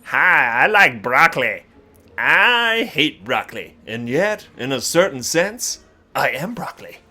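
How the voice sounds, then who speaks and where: A man's voice: medium pitch, very animated, unhurried, sharp tone, faint music behind, exaggerated voice. A man putting on a goofy broccoli-musing game character. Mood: mock-profound. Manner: dreamy mock-philosophical musing.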